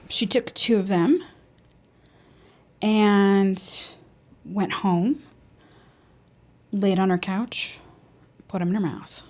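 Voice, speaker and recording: A woman casually telling a personal story in conversation, full of ums, casual swearing and nervous laughs. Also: medium pitch. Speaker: podcast host.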